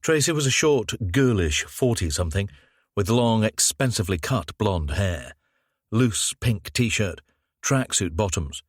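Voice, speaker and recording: A man with a low voice narrating a crime novel at a measured, even pace. He reads on a close microphone. The recording is very dry with no room sound. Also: no room sound. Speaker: audiobook narrator. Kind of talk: scripted narration.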